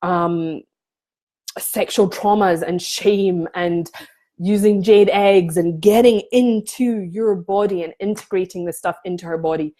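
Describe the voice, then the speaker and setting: A woman's voice: lowish voice, fairly even intonation, measured pace, mellow. A woman spiritual coach talking casually to camera, passionate and often restarting her sentences.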